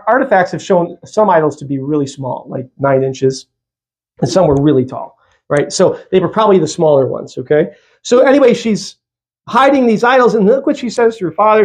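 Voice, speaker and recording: A male pastor preaching a sermon in a church, lively and conversational, with jokey asides. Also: high voice.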